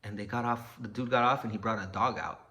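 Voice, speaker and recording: A man's voice: fairly low pitch, fairly even intonation, quick pace, sharp tone. A man telling a personal story casually, cursing often and acting out what people said. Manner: profane, laid-back, acts out quotes.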